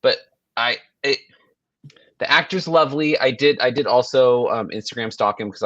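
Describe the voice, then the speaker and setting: A man co-hosting a podcast in casual chat, rambling and animated, often restarting sentences and swearing. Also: medium pitch, normal speed, no room sound, dull audio. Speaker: podcast co-host.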